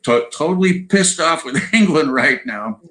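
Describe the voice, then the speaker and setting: A man's voice: a little high, expressive, measured pace, a bit bright, low-quality recording. A man around seventy with an American accent, a guest chatting in a rambling way over a video call and tagging his sentences with "you know" and "right?". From Southern California. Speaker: guest musician. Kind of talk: casual interview chat.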